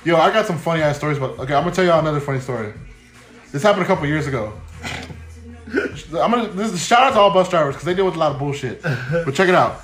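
A man spins a profane, animated story in casual chat, laughing as he talks. His voice is high, and the room gives it a clear echo. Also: fast talker, faint music behind.

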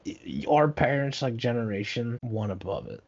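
A man's voice: mid-range voice, big pitch swings, moderate pace, a little mellow, muffled recording. A young man telling a long story in casual chat, rambling and profane, full of fillers.

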